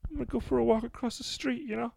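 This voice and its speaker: A man voicing a sheepish young male caller, high and mumbling, set back from the mic. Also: steady tone, very fast, vocal fry, darkish tone, slight background noise, exaggerated voice. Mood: chummy.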